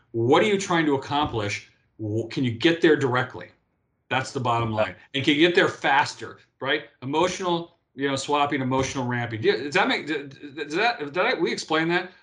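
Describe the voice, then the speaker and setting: A man's voice: medium pitch, fairly bright tone. A man in his fifties, a guest in a casual interview, telling stories animatedly with frequent restarts and repeated words. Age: 50s. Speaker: interview guest, former pro athlete.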